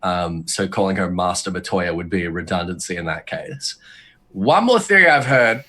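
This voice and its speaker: A man with a lowish voice chatting on a podcast. He rambles and restarts often, and gets animated as he lays out his ideas. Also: moderate pace. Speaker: podcast guest. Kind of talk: casual podcast chat, lore speculation.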